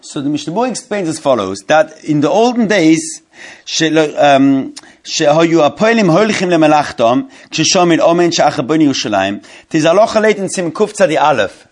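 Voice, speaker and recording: Male rabbi, slightly higher voice, leading a text class: mumbled readings, slow halting explanations, questions to the room. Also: animated. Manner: reads Hebrew text in a quick mumble, then explains it slowly in English; restarts and repeats phrases, asks the class questions. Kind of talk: Torah study class, explaining a legal text.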